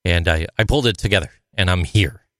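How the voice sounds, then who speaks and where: A man's voice: low voice, fast talker, fairly bright tone, no echo. Male podcast co-host, easygoing rambler, dry close mic. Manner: rambling, lots of "you know" fillers. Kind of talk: casual chat.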